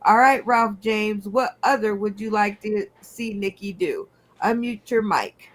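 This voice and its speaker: A woman hosting a comedy game show over a video call, playful and unhurried as she recaps everyone's picks. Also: mid-range voice.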